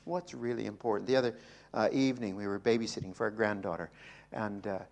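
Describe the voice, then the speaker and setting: An older man preaching a sermon, moving from soft, quiet asides to loud, emphatic peaks. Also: fairly low pitch, fast, creaky. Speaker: pastor.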